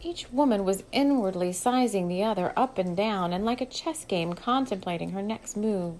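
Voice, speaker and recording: A woman's voice: mid-range voice, normal speed, creaky, hardly any pauses, darkish tone, rough recording. A woman steadily reading her own novel aloud as an audiobook. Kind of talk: audiobook narration.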